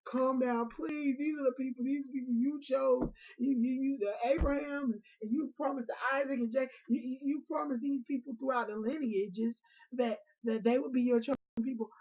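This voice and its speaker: A man's voice: extremely high pitch, fairly even intonation, normal speed, a little mellow, husky, muffled recording, voice pushed up, full character voice. A man voicing a desperate male prophet who begs God with stammering repeats. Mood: pleading.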